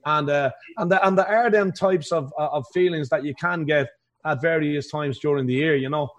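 A man's voice: on the high side, moderate pace, a little hiss or hum. A man with an Irish accent, a pub band musician telling stories in a casual interview, laughing often. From Ireland. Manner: chatty storyteller, laughs often. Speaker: house band musician, guest.

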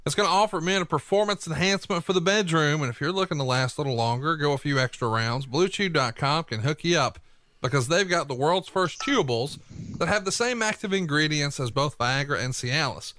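A male podcast host, doing jokey, brisk ad reads in a casual way. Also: on the high side, expressive, bright, forceful tone.

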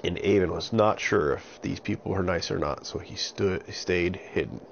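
Speaking at a normal speed, a man with a low, gravelly voice narrates a children's story in an animated way, adding sound effects as he goes. The recording sounds dull and lo-fi, with a faint hiss.

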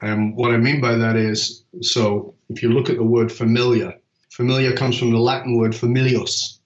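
A man's voice: medium pitch, little pitch movement, normal speed. Emphatic man coaching, echoey dull sound. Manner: emphatic storytelling, casual swearing. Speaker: purpose coach. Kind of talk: conversational podcast talk.

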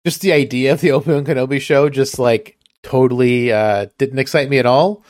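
A man hosting a podcast in casual chat, rambling and halting and chuckling often. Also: mid-range voice, darkish tone, dry recording, studio quality. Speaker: podcast host.

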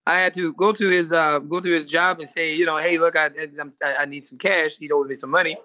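Fast, bright-voiced man telling a heated story. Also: a little high, fairly even intonation, dry recording. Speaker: comedian guest. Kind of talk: casual storytelling.

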